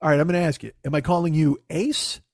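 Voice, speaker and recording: A man's voice: on the high side, fairly even intonation, quick pace, no echo, studio quality. A man telling a casual, profane story in his own voice. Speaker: podcast host telling a story.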